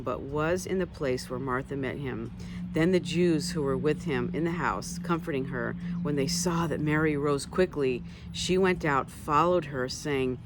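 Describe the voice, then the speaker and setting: A woman's voice: deep voice, background noise. A woman teaching from the Bible, reading passages aloud and stopping often to add conversational comments. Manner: conversational, reads scripture aloud then adds asides.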